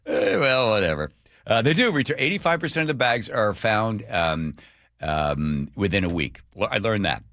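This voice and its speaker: A man's voice: fairly low pitch, normal speed, dry recording, studio quality. A man hosting a radio talk show, chatting casually in a wry, joking way. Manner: wry, joking, animated storyteller. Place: radio studio.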